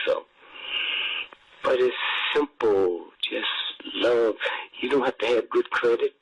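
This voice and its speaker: A man's voice: medium pitch, takes it slowly, vocal fry, no room sound, low-quality recording. An older man speaking as a guest on a call-in radio show, folksy and preachy, often repeating himself. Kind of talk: casual call-in radio talk.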